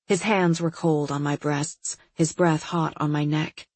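A woman with a husky voice reading a first-person novel in a wry, detached manner. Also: sits low, fairly even intonation, measured pace, darkish tone, no room sound. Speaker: audiobook narrator. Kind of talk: scripted first-person narration.

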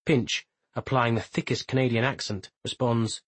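A man narrates a literary novel in a measured, even reading. His voice is husky and sits at a middle pitch. The sound is close and dry. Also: dry recording, poor audio. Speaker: audiobook narrator. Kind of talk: scripted narration.

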